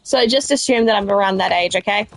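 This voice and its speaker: Speaking at normal speed in a mid-range voice with no echo, a woman with a South Australian accent keeps up casual gaming chat. She's a let's play streamer who rambles and replies to her live chat.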